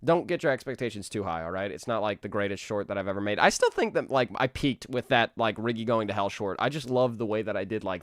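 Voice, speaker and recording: On a live stream, an animator in his twenties talks casually with viewers, rambling, laughing easily and restarting his sentences. His voice is on the low side with a fairly bright tone, in clean studio sound with no room sound.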